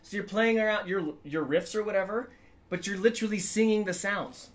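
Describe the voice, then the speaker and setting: A man's voice: sits high, a little fast, slight background noise. A man giving a casual guitar lesson in an upbeat, chatty way, now and then singing notes to show the method. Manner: upbeat, chatty, sings scales to demonstrate. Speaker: guitar teacher.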